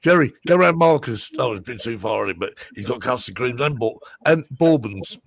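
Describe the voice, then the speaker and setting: A man's voice: mid-range voice, animated, a little fast, creaky, a little hiss or hum. A man hosting a casual live stream from home, joking and greeting viewers by name one after another. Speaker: livestream host.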